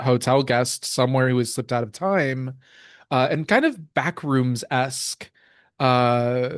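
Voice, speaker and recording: A man reading game rules aloud and describing scenes in a relaxed way, with many fillers. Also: medium pitch, smooth, no echo, clean studio sound. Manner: relaxed, full of ums and uhs. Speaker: tabletop game player.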